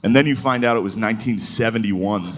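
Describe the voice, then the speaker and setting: A man's voice: on the low side, fairly quick. A man doing a stand-up comedy set on a club stage, loose and profane, slipping into mocking voices. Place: comedy club stage before a laughing crowd. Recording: live club recording with audience noise.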